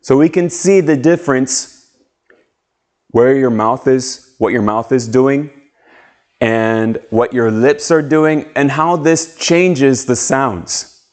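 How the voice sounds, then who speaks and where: A man teaching an English lesson on video, speaking slowly and carefully as he models sounds and words. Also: medium pitch, a little mellow. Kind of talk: slow, clear classroom video lesson.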